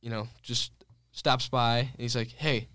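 A man's voice: medium pitch, completely flat delivery, unhurried, pushed and bright, smooth, dry recording. A young man co-hosting a podcast, telling stories in an easygoing, affirming way. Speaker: podcast co-host. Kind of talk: casual chat.

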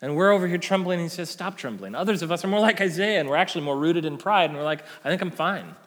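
A male pastor giving a conversational sermon, tagging points with "right?", rising to emphatic peaks and dropping to soft endings. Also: high-pitched, rapid-fire. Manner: conversational preaching with frequent "right?" tag questions. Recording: long hall reverb.

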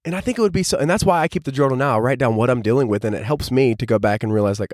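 Fast-talking young man, casual podcast musing. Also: medium pitch, a little mellow, no echo, studio quality. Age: 20s. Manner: casual, rambling, many filler "like"s. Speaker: podcast host. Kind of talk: reflective solo podcast monologue.

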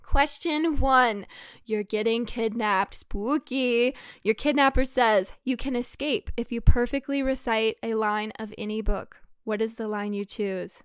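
Young woman, podcast host, bubbly, giggly, casual chat, smooth clear voice, dry close recording. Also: a little high, fairly even intonation, no room sound. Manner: bubbly, giggly, quick asides. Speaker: podcast host and shop owner. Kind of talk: casual chat, reading listener answers.

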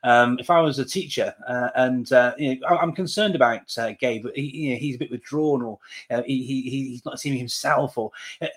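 A man's voice: mid-range voice, a little fast. A man hesitantly asking an interview question, with many fillers and restarts.

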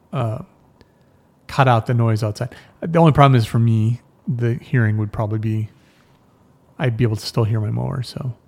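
Rambling casual male podcast host. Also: mid-range voice. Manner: rambling, swears, laughs at himself. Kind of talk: casual chat.

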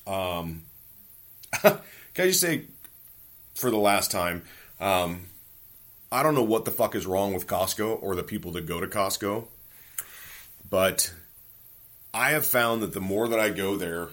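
Speaking a little slowly with long pauses, a deep-voiced podcast host in his forties goes on a casual, profane rant. He tells animated stories from home.

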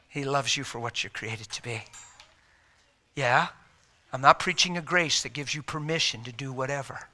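Folksy, straight-talking male preacher, sharp and forceful delivery, a bit higher pitched. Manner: folksy, emphatic, talks straight. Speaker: traveling preacher. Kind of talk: sermon with storytelling.

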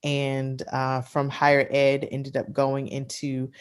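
A woman's voice: rumbling low, monotone, slow, clear, resonant tone. A woman in her thirties from the Washington, D.C. area, a guest in an interview, slightly out of breath and candid, laughing easily. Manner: candid, laughs often, zigzagging sentences with fillers. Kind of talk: conversational interview.

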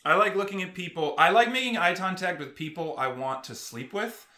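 A man chatting on a podcast in a bright, fairly high voice. He speaks deadpan and slips into stiff put-on voices for quoted exchanges. The room is echoey. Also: fairly quick. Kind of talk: casual chat.

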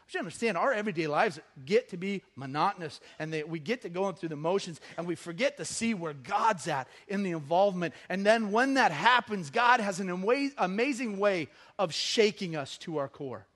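A man's voice: high-pitched, expressive, brisk, hardly any pauses, fairly bright tone. A middle-aged man giving a conversational sermon as a pastor, joking at times and rising into emphatic bursts.

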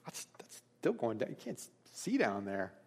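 A man's voice: on the low side, wildly swooping pitch, moderate pace. A middle-aged man preaching a sermon as pastor, telling stories in a conversational, candid way. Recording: long reverb of a large hall.

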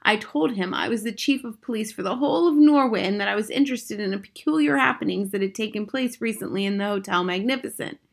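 Woman voicing a calm wise grandmother. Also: mid-range voice, gravelly. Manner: slow, soft and measured.

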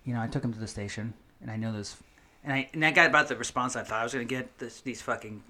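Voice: medium pitch, quick pace. A podcast co-host chatting casually and telling stories with plenty of swearing. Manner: animated, profane storytelling.

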